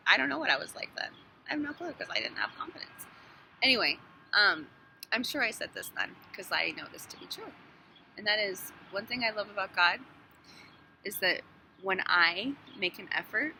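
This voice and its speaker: Animated woman talking, with background noise. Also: lowish voice. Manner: animated, swears, laughs between thoughts. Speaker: hairstylist vlogger. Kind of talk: casual phone monologue.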